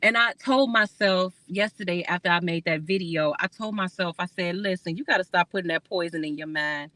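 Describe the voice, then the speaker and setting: A woman's voice: fairly low pitch, brisk, bright, forceful tone, no room sound. A woman hosting a casual livestream. She talks candidly and rambles, swears freely, laughs often and chats with her viewers. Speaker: livestream host.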